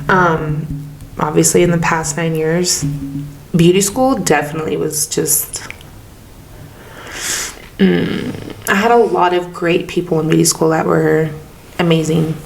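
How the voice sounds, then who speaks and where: A woman's voice: deep voice, fairly even intonation, measured pace, creaky, long pauses, faint music behind, rough recording. A young woman co-hosting a podcast, a hairstylist, who adds short laid-back reactions in casual chat.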